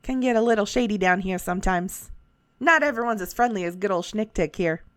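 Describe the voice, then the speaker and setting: A woman's voice: medium pitch, brisk, a bit bright, no echo, close to an everyday voice. A woman voicing a shady, folksy male tinkerer with a put-on Southern drawl, hesitant and chatty, for a tabletop game. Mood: curious. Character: shady folksy male handyman tinkerer, friendly but cagey.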